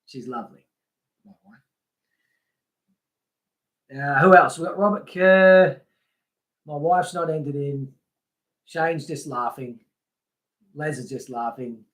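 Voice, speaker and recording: A man's voice: fairly high pitch, takes it slowly, pauses often, a bit bright. A man hosting a casual fishing live stream, chatting loosely, reading out names from the chat and laughing often. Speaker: livestream host.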